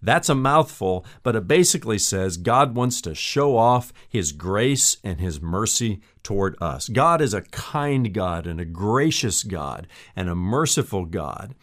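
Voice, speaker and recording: A man's voice: fairly low pitch, very animated, a little slow, few pauses, fairly bright tone. Earnest male pastor preaching a sermon. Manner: earnest, addresses listener as friend.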